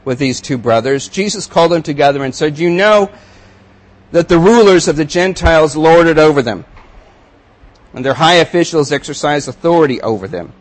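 A male pastor preaching a sermon, reading scripture aloud with rising emphasis and then commenting in a quieter, conversational tone. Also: fairly high pitch, moderate pace, low-quality recording.

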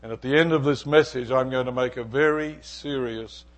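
A man's voice: medium pitch, steady tone, normal speed. A middle-aged male pastor preaching, telling a personal story and acting out its dialogue. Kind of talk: sermon with storytelling.

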